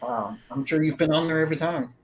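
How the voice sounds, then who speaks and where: A man's voice: fairly high pitch, fast talker, low-quality recording. A man co-hosting a fantasy football show, chatty and prone to restarting sentences with fillers. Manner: chatty, self-interrupting with fillers. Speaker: fantasy football content writer co-host. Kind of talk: casual podcast chat.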